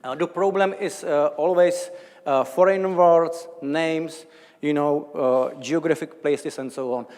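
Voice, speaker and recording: Slightly high and a little mellow, delivered at a measured pace, this Czech-accented lecturer from the Czech Republic speaks hesitantly in a large lecture hall, full of fillers and false starts.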